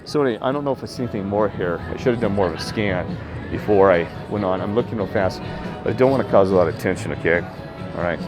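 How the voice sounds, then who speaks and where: A man vlogging a rambling personal story about spirits, emphatic and jumping up in pitch when he quotes himself. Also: fast, over music. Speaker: paranormal vlogger.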